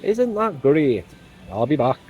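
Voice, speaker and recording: A man's voice: fairly high pitch, sing-song, takes it slowly, a little mellow. A man with an English accent chatting casually while out shopping, full of small exclamations. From England. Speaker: vlogger.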